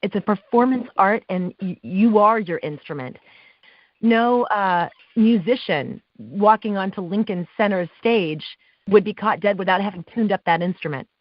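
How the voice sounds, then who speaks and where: A woman guest on an interview show, telling stories about her work as a live awards announcer, with lively quoted dialogue and frequent laughs. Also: mid-range voice, moderate pace, no room sound. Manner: animated, acts out quotes, laughs often. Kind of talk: casual interview storytelling. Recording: dull dry podcast audio.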